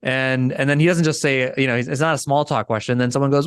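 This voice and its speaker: Talking fast with hardly a pause, a middle-aged man with a medium-pitched voice tells a story as a guest on a casual podcast interview, animatedly voicing the people in it. The studio sound is clean, with a clean tone and no echo.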